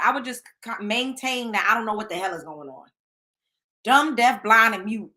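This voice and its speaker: A woman's voice: a little high, lively intonation, brisk, pushed and bright. A woman hosting a casual gossip show, talking bluntly and with plenty of profanity straight to her listeners. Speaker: show host.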